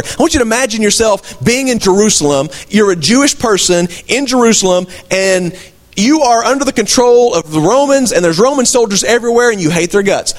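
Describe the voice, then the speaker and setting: A man preaching a sermon as pastor of his church, folksy asides and rhetorical questions to the congregation. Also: sits high. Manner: conversational preaching, rhetorical questions, emphatic swings.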